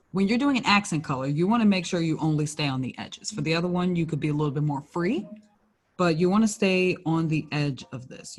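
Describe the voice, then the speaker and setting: Her voice is low and somewhat dark in tone. A young woman employed by a library, she walks a small group through a painting lesson in an easygoing, talkative way, saying "like" a lot and correcting herself as she goes.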